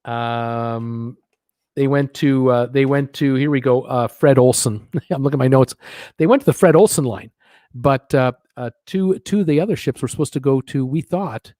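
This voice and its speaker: A man's voice: medium pitch, normal speed, dark tone, dry recording, clean studio sound. Rambling man hosting cruise news. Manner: rambling, many fillers and restarts, sardonic asides. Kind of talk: live-stream news commentary.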